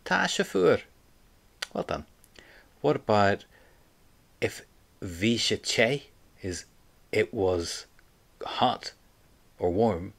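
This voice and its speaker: Guy teaching phrases, low voice, real slow and patient, waits for you to repeat. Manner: patient, slow drilling with pauses for repetition. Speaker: Irish language teacher. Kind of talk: spoken language lesson. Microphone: close mic, home recording.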